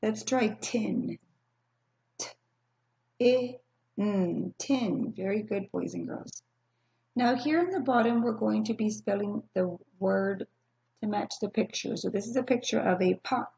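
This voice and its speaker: A woman teacher leads young children through a recorded phonics lesson, speaking patiently and spelling out each sound. Her voice has a gravelly fry at mid pitch. It comes through a slightly dull, lo-fi computer microphone. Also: a little mellow. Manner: patient, slow and clearly spelled-out teaching with pauses for answers. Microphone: screen-recording computer mic.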